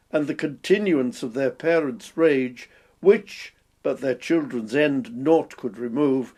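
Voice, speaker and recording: Man doing a formal verse prologue, steady and unhurried, slightly high voice. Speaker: amateur actor. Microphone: home recording.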